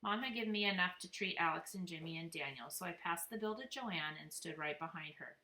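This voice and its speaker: A woman reads a children's book aloud in a lively, expressive way. Her voice is bright and a little low, with a roomy echo and a faint hiss behind it. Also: fairly quick. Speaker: reader. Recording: echoey room, faint noise.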